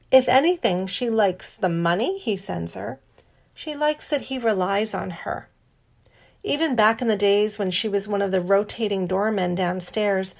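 A woman reading a novel aloud as an audiobook narrator. Her delivery is measured and lightly wry. Her voice sits at an everyday middle pitch.

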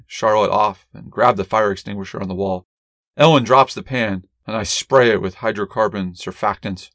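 A man narrating a first-person story as an audiobook reader in a measured, wry, deadpan way. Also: fairly low pitch, no room sound, clean studio sound.

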